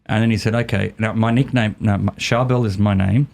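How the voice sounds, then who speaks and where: Lowish man telling a story. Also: brisk, gravelly. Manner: animated, repeats words while telling a story. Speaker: guest. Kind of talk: casual storytelling.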